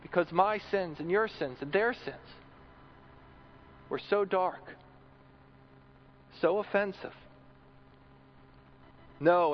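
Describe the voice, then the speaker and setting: A man's voice: fairly high pitch, highs cut off. A man preaching a sermon in an earnest way, often repeating words as he builds a point.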